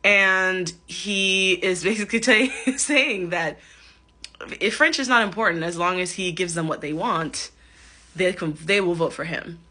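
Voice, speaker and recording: A bright, clear-toned woman from Canada talks casually into her phone camera, laughing often and hedging with ums as she comments. Her voice sits a little low for a woman. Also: measured pace. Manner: chatty, giggly, hedging with many ums. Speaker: vlogger reacting to a clip.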